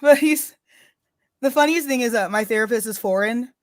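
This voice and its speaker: A woman's voice: on the high side, normal speed, dry recording, clean studio sound. A woman co-hosting a casual chat show, blunt and profane, with a joking, offhand way of talking. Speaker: podcast co-host.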